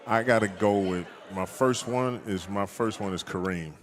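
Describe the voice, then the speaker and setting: Older man, new york accent, slightly low voice, halting casual interview talk. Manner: halting, repeats words, soft-spoken. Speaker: former NBA player, guest.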